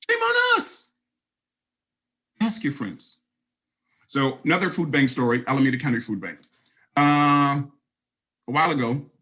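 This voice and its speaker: A man's voice: medium pitch, a bit bright, poor audio. A man in his fifties giving a conference keynote, telling stories and speaking straight to the audience.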